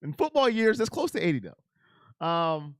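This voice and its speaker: Guy running a live chat stream, kinda high voice, emotional and animated, talks to chatters by name. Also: measured pace, no echo, clean studio sound. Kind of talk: casual live chat about football.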